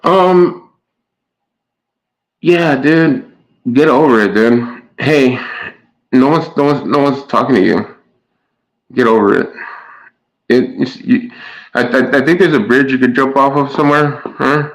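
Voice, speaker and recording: A man's voice: mid-range voice, unhurried, pauses often, rough recording. A man streaming live and chatting casually with his viewers, stumbling over his words and trading sarcastic jabs with chatters.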